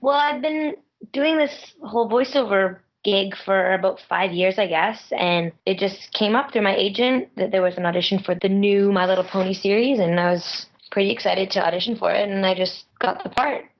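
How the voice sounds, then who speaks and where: Female guest, naturally raspy, casual and chatty, lo-fi line. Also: medium pitch, moderate pace. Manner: chatty, lots of "like" fillers, laughs often. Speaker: guest voice actress. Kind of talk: casual interview chat.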